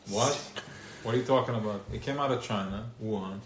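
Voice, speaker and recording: A man's voice: on the low side, moderate pace, long pauses. Guy preaching at a live gathering, fired up, lots of questions, roomy echo with faint hiss. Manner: animated, preaching with rhetorical questions. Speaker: speaker at a gathering. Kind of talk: informal religious talk. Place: gathering hall. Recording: echoey live room, faint noise.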